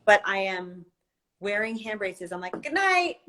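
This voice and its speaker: A woman's voice: medium pitch, little pitch movement, measured pace, bright, forceful tone, a little hiss or hum. A woman hosting an Instagram live, chatting casually and gushing, with easy laughs, speaking into a phone or laptop. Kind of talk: casual chat. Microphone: phone or laptop on a live video stream.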